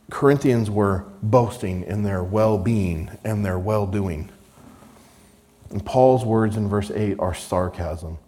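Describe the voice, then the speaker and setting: Low-voiced male preacher, sermon. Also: takes it slowly, mellow. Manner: reads scripture aloud with rising emphasis, dry sarcasm.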